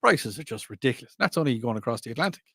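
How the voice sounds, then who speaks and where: A man's voice: mid-range voice, sing-song, rapid-fire, sharp tone, breathy edge, dry recording, studio quality. Rambling man hosting a radio show. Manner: rambling, self-correcting, laughs often. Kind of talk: casual chat.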